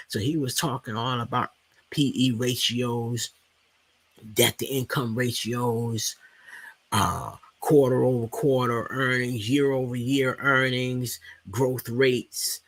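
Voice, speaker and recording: Brief: middle-aged DC-accented man, gravelly and bright, husky, dry close sound, heated profane rant. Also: medium pitch, no echo. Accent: Washington DC. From Washington DC, USA. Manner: heated, profane storytelling with many restarts. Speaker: stock market video host. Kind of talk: casual ranting monologue.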